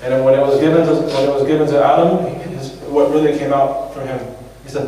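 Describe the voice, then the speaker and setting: American imam preaching in an echoing mosque hall. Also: male voice, mid-range voice, fairly even intonation, fast, mellow, slight background noise. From USA. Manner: reflective, conversational, restarts phrases. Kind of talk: sermon. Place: large mosque prayer hall. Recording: echoey hall from far off.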